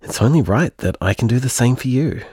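A man playing a gentle, husky partner. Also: medium pitch, lively intonation, a little fast, no echo, clean studio sound. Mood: tender. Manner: gentle, reassuring. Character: tender, devoted male partner. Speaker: comforting partner. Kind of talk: audio drama acting.

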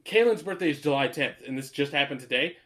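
A man's voice: a little high, animated, fast, fairly bright tone. Rambling, laughing man telling stories. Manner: rambling storyteller, swears freely, laughs often. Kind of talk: casual chat.

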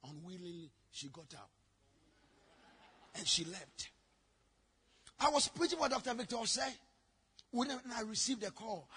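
A man preaching a sermon, telling stories with sudden shouted lines. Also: high voice, expressive, normal speed, long pauses, breathy edge. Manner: dramatic storytelling, bursts into shouting. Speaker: pastor.

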